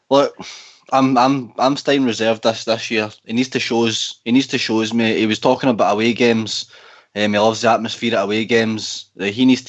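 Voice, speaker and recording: A man, a caller on a fan radio show, talking earnestly and repeating his words. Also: medium pitch. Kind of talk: casual phone-in chat. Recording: dull lo-fi sound.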